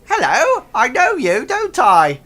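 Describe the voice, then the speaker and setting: A man's voice: wildly swooping pitch, slow, pushed and bright, full character voice. A man doing a nervy little space goblin guard with a thin, raised voice that frets and whines about his post. He sounds a touch simple and anxious to please, in a homemade tabletop game session. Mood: suspicious. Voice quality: high-pitched, plaintive. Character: dim, fretful male space goblin guard.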